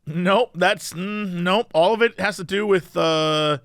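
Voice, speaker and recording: A man's voice: sits high, slow pace, fairly bright tone, no room sound. A man co-hosting a podcast in casual chat, dropping wry, dry quips. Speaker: podcast co-host.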